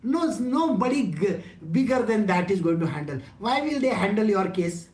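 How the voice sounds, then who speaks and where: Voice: mid-range voice, sing-song, normal speed, darkish tone. A spiritual teacher gives a conversational satsang discourse, asking rhetorical questions and joking. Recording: roomy echo.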